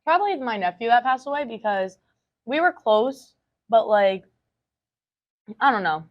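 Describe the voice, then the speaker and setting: A teenage girl with an everyday mid-pitched voice, chatting casually with her teacher. She sprinkles "like" through her sentences and giggles often. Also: lively intonation, measured pace, muffled recording. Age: teens. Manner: giggly, uses filler 'like' a lot. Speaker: student interviewer. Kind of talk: casual chat over wings.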